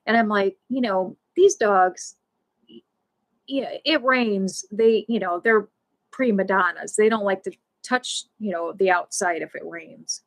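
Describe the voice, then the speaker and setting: A woman hosting a live stream, telling a casual story in a rambling, animated way full of fillers. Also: mid-range voice. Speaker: livestream host.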